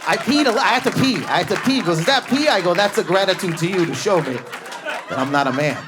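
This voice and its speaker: A man from Canada doing a stand-up comedy set on a club stage, high-energy and neurotic, often shouting and acting out voices. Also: lively intonation, quick pace, noisy background. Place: comedy club stage before a live audience. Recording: live club recording with crowd laughter. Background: audience laughter.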